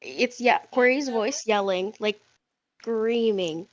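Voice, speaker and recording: Hesitant woman player, slightly high voice. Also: drawn-out words, pauses often, no room sound, lo-fi sound. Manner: hesitant, searches for words with fillers. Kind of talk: casual tabletop game chat.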